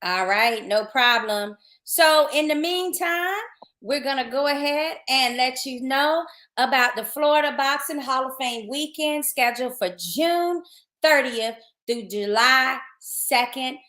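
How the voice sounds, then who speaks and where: A woman's voice: high voice, measured pace, sharp tone. A woman hosting a podcast, chatting casually and promoting an event in an upbeat way. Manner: chatty, upbeat, loose restarts. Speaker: podcast host. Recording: roomy echoey sound.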